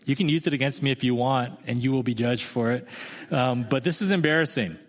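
Conversational pastor in a reverberant hall. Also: male voice, medium pitch, fairly quick. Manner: conversational, self-deprecating storytelling. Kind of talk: sermon.

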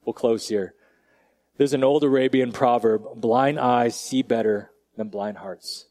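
A male pastor preaching a conversational sermon, casual and direct, who often drops to a quiet, slow emphasis. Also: medium pitch, fairly even intonation.

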